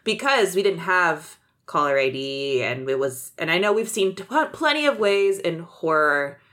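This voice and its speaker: A young adult woman hosting a podcast, chatting casually, laughing often and tossing in quick asides. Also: on the low side, animated, a bit bright. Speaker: podcast host. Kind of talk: casual chat.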